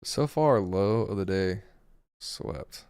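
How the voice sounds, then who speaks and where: A man talks through his live trades in a relaxed, thinking-aloud way. His voice sits low and has a rough, gravelly edge, and it sounds worn and hoarse. The sound is dry and close, with no room echo. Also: takes it slowly. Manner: casual, thinking aloud over charts. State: hoarse, voice going. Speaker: day trading streamer. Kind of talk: live trading commentary.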